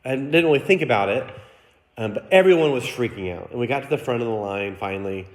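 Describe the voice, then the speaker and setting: Pastor telling a story in an echoey church. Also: male voice, mid-range voice, expressive, fast. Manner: storytelling with acted quotes and questions to the congregation. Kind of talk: sermon. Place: church sanctuary.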